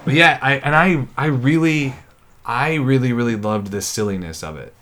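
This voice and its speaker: A man co-hosting a podcast who chats casually and enthusiastically, often halting and restarting his sentences. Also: medium pitch, fairly bright tone. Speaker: podcast co-host. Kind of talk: casual chat about a TV series.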